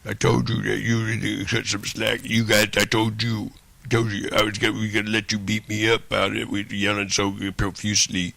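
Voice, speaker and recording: A man rants in a long, rambling monologue, swearing freely and circling back to repeat the same phrases. His voice is gravelly with plenty of fry, yet bright and sharp-edged in tone. The sound is dry and close, with no room echo. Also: fairly low pitch, completely flat delivery, a little fast. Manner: profane, repetitive, rambling rant.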